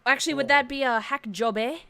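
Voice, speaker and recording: A woman's voice: sits high, gravelly, bright, forceful tone, no room sound. A woman hosting a casual online group chat who laughs often and keeps steering the talk to the next topic. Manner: giggly, quick to steer the topic. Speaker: stream host.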